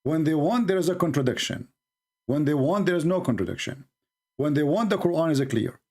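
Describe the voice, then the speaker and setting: A combative man hosting a call-in debate, mocking his callers and repeating phrases for emphasis, his voice going hoarse. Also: a little high, animated, fairly quick, a little mellow. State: losing his voice. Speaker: debate show host. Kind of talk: live call-in religious debate.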